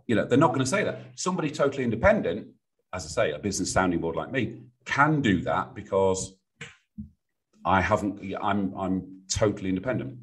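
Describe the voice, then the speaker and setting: Deep-voiced British man telling business stories. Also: brisk. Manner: animated storyteller, acts out clients' voices. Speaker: business sounding board. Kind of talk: podcast interview guest.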